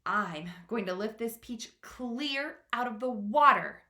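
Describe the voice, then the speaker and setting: A woman reading the lines of a young boy who speaks firmly and calmly, in an echoey room. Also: a little high, slow, pitched above the performer's own voice, heavily acted. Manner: firm, calm, explaining. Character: brave determined young boy.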